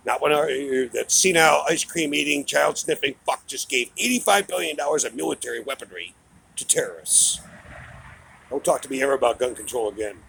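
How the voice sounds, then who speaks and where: A middle-aged man vents in a heated, profane monologue, his voice thick with gravelly fry. He sits at an ordinary middle pitch, scornful and mocking. A faint background noise hangs under the recording. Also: animated, fairly quick, fairly bright tone, poor audio. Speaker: political commentator. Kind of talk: angry political rant.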